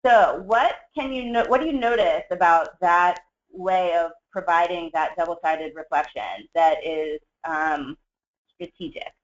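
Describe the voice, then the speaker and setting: A trainer teaching a skills webinar in a measured, explanatory way, with frequent fillers. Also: medium pitch. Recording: dull lo-fi webinar audio.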